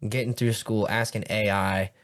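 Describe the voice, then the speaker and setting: A man's voice: on the low side, steady tone, normal speed, a bit bright. A young man hosting a podcast, telling stories in a rambling way with lots of swearing and filler words. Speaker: podcast host. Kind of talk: casual chat.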